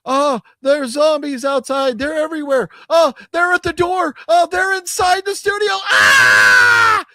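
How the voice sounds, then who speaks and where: A man voicing a panicked male radio news announcer, shouting in rising panic. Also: very high-pitched, measured pace, dry recording, studio quality, some chatter behind, voice pushed up, full character voice.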